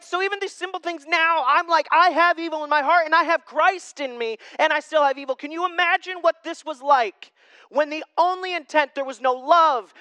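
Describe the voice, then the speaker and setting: A young man preaching a sermon as a pastor, conversational and self-deprecating, with lively asides. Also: very high voice, dry recording.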